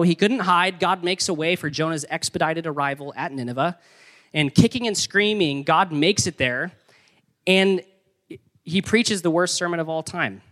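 Young man, pastor, lively casual preaching, slightly high voice. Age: young adult. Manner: energetic, conversational preaching with playful emphasis. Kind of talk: sermon.

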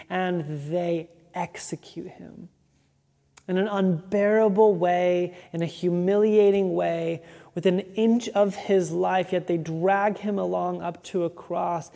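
Preacher, sermon delivery: gravelly, dark-toned voice, emphatic and repetitive, long hall reverb. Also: medium pitch.

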